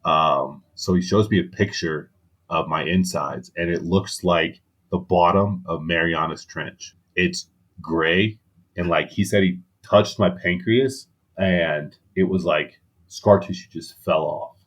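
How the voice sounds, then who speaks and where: A man's voice: low voice, slow, fairly bright tone. A man, a podcast guest, telling a candid story in casual talk, swearing now and then.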